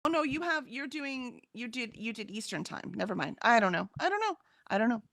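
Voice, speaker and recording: Female stream co-host, chatty, reads comments aloud; animated, bright delivery. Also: a little high, a little fast, creaky, dry recording, studio quality. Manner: reads chat comments aloud, chatty, laughs often, trails off. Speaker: livestream co-host reading chat. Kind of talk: casual livestream chat.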